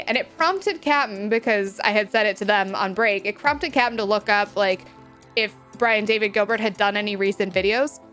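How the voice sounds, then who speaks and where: A female streamer with a mid-range, somewhat bright voice reacts to messages from her live chat, talking casually, giggling, and using "like" constantly. Faint game music plays in her home room, which has a window.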